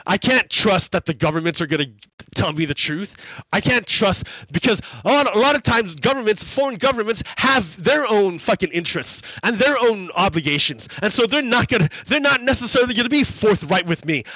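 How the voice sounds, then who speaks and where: Ranting through a gaming stream, a male host speaks in a high, bright, forceful voice that is animated and brisk. His commentary is profane and repetitive, captured on a streaming desk mic in a dry recording with the highs cut off.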